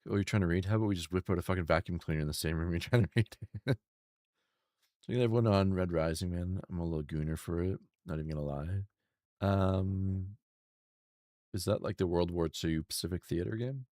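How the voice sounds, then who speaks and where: A man's voice: deep voice, a little fast, a little mellow, no room sound, clean studio sound. A man streaming a game, chatting casually with his chat, swearing freely, laughing often and wandering off on asides. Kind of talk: casual chat reading stream chat while gaming.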